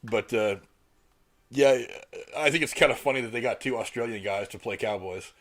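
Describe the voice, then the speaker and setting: A man hosting a film discussion podcast, telling anecdotes and laughing easily. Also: mid-range voice. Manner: talks fast, tells anecdotes, laughs easily. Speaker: podcast host. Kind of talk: casual chat.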